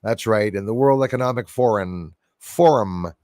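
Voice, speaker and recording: A man's voice: medium pitch, moderate pace, dry recording. Chatty man on a dry mic. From Canada. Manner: chatty, rambling, laughs often. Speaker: livestream host. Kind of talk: casual chat reading viewer comments.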